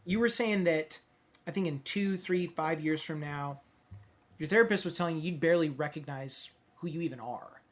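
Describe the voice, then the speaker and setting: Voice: mid-range voice, normal speed. A podcast host interviewing a guest, affirming often and asking long, multi-part questions in a chatty way.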